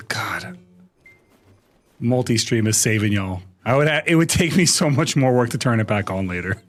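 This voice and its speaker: A man's voice: mid-range voice, animated, moderate pace. A man live-streaming to his chat in a casual, exasperated way, swearing and laughing a lot. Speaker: VTuber streamer.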